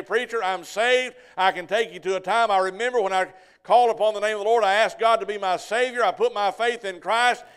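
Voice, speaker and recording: Folksy preacher with a high voice. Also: male voice, fairly bright tone. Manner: folksy storytelling, asks the congregation "Amen?". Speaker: pastor. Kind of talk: sermon.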